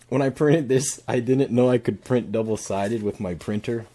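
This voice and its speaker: Husky man mocking a clip. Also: medium pitch, normal speed, hardly any pauses, mellow. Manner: mocking, swears a lot, laughs at his own jokes. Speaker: streamer reacting to a video. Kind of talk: crude casual reaction commentary.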